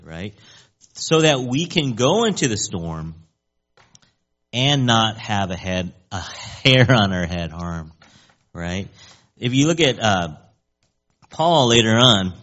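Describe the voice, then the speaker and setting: A man preaching a sermon in a conversational, animated way, often checking in with "right?". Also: dull audio. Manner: conversational, keeps asking "right?"; animated, rising in pitch for emphasis.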